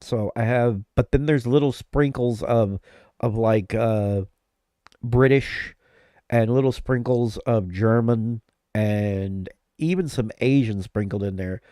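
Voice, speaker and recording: Sick, rambling man with a mellow voice. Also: mid-range voice, takes it slowly, no echo, studio quality. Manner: rambling, self-interrupting, laughs often. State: sick with flu-like symptoms. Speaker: live streamer. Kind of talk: casual live-stream chat.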